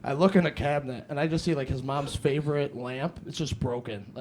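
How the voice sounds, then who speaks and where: A man's voice: medium pitch, a little fast, darkish tone. A young man telling profane stand-up stories on a comedy club stage and acting out the dialogue. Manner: loose, profane storytelling with acted-out dialogue. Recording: noisy live club recording.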